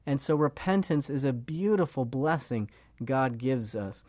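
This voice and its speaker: A man's voice: mid-range voice, animated, unhurried, darkish tone, no echo. Earnest man preaching, dry close sound. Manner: earnest, with frequent repeated words and fillers. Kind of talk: sermon.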